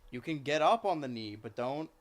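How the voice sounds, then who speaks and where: A man's voice: a little high, animated, a little fast. A man chatting casually on a live stream and cooing at his cats between remarks. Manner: chatty, coos and baby-talks to his cats.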